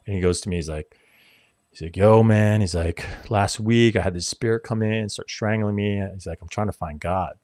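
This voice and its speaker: Deep-voiced guy in his 40s, swearing, acting out quotes, dead dry sound. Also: brisk, no echo. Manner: animated, swearing, acts out quotes. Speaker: podcast guest. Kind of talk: casual storytelling.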